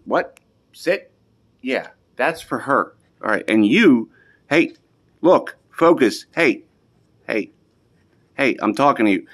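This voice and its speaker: A man, scolding his pets in a home basement for a casual vlog in a mock-stern way that keeps softening into affection. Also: medium pitch, slow, pauses often. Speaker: pet owner.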